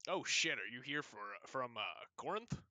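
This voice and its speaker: A man's voice: mid-range voice, animated, normal speed, bright, forceful tone, no echo. Man voicing a forgetful rambling skeleton. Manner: hesitant, rambling speech. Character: forgetful reanimated male skeleton, rambling and friendly.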